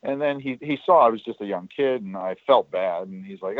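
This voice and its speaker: In a casual storytelling interview, a guest who used to work at a studio rambles about those years, stumbling over fillers and restarts. His voice is lowish and fairly quick, with no echo, on a tinny line that sounds like a phone.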